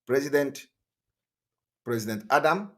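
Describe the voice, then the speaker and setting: A man hosting an online channel, delivering emphatic, repetitive political commentary that rises to loud outbursts. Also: medium pitch, lively intonation, unhurried. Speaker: online TV host.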